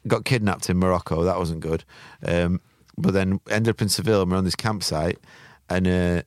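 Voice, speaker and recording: A man's voice: deep voice, steady tone, moderate pace, no echo, clean studio sound. A young man hosting a podcast, telling crude, rambling stories in casual chat. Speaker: podcast host.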